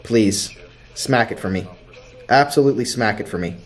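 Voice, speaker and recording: Excitable man begging the wheel. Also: lowish voice, moderate pace. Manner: pleading, chanting, bursts into shouts. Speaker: gambling streamer. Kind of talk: excited live casino commentary.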